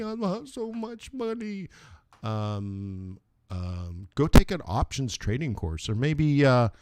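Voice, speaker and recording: A man hosting a live forex trading stream, talking casually through his charts with jokes and lots of fillers. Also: lowish voice. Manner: rambling, joking, many fillers.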